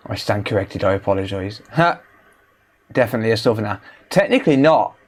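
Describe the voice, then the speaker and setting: A man's voice: lowish voice, lively intonation, fairly quick. A man from the English Midlands, chatting casually and joking with viewers while he works on electronics repairs, swearing now and then. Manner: joking, bantering, swears freely. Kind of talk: casual livestream chat while working.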